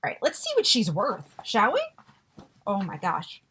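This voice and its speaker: A woman vlogger chatting casually through a beauty box unboxing, gushing and excitable with frequent gasps. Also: medium pitch, moderate pace, noisy background. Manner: gushing and excitable, gasping often.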